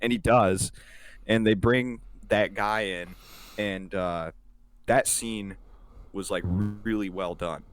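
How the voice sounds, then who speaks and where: A man's voice: lowish voice, fairly even intonation, takes it slowly, no echo. A young man co-hosting a podcast, talking in a rambling, casual way, full of swearing and fillers. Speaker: podcast co-host. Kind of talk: casual chat.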